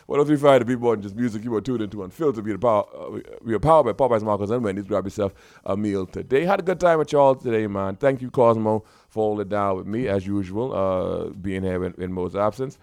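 A radio host speaks quickly with few pauses, his voice fairly low and darkish in tone. He jokes around playfully in the studio, laughs a lot and slips into the local dialect.

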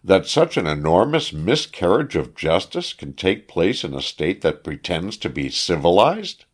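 A man reading an audiobook, voicing a grieving and vengeful wife in a raised falsetto, declaiming his lines. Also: very animated, measured pace, slightly rough, heavily acted. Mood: indignant. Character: grieving vengeful wife, middle-aged woman.

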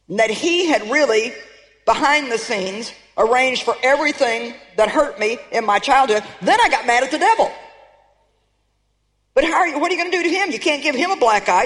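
A woman's voice: fairly high pitch, a bit bright. Emphatic woman preaching in a big hall. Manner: emphatic, calls for audience response. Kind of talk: sermon. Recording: long reverb of a large hall.

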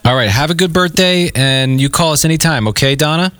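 A man's voice: on the high side, brisk, dry recording. A man hosting a radio call-in show in an upbeat, casual way. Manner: upbeat, lively. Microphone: studio mic.

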